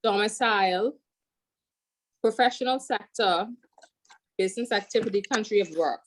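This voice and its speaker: A woman student answers her teacher over a video call, unsure of herself and apologizing as she works toward the answer. Her voice sits at a middle pitch. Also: normal speed, a little hiss or hum, rough recording. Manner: hesitant, apologetic, laughing. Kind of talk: answering in an online class.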